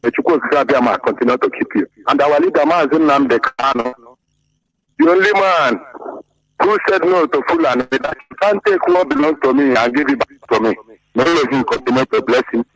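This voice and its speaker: A man's voice: mid-range voice, brisk, fairly bright tone, poor audio. A man calling a radio show, preachy and fervent, with emphatic peaks. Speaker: radio call-in caller. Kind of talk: impassioned call-in comment.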